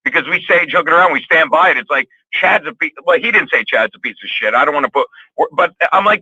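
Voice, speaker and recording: High-voiced, heated, swearing man. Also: animated, fast talker, sharp tone, slightly rough, dry recording, muffled recording. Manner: rambling, heated, swears constantly. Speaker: podcast co-host. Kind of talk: profane casual podcast chat.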